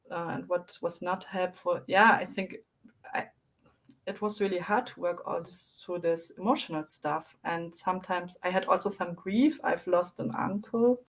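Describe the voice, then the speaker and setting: A woman guest in a casual interview, reflective and animated as she tells her recovery story. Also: lowish voice, measured pace, vocal fry.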